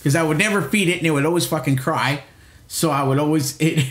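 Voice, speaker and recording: Middle-aged male podcast co-host, rambling and profane storyteller, slightly higher voice, echoey room. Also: quick pace. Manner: rambling storyteller, frequent restarts and swearing. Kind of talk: casual chat.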